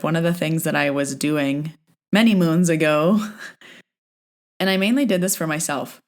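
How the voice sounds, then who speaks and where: A woman hosting her own podcast as a medium, telling stories in a chatty, casual way and often retelling exchanges with "like". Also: low-pitched.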